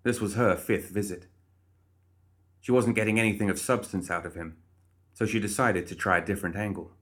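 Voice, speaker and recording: A man giving steady, measured storybook narration. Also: lowish voice.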